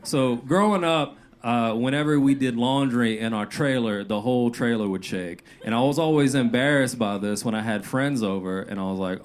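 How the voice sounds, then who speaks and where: A man doing a rambling, deadpan stand-up set. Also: medium pitch, normal speed, few pauses. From Louisiana. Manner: deadpan, loose and rambling, with filler "uh"s and "like"s. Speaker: stand-up comedian. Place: comedy club stage. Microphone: handheld stage mic. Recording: noisy live club recording.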